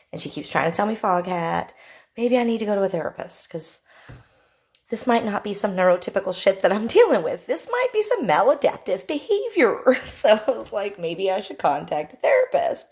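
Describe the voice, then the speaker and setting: A woman's voice: on the low side, creaky, a little mellow, breathy edge. Blunt, profane woman telling a story. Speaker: TikTok storyteller. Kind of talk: casual storytelling to camera.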